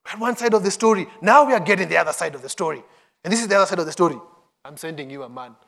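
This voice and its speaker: A man's voice: high-pitched, racing, creaky, fairly bright tone. A man preaching a sermon, reading scripture and acting out the quoted voices with urgency.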